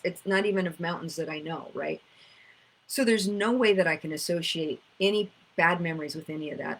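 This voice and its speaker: A woman's voice: on the low side, breathy edge, rough recording. A woman, teaching about inner child work in a casual storytelling way, acting out conversations. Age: 50s.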